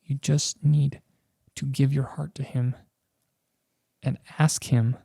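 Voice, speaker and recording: A man's voice: medium pitch, level tone, takes it slowly, vocal fry, mellow, husky, no room sound, clean studio sound. A man on a podcast as a guest, earnestly telling a personal faith story with many restarts and filler words.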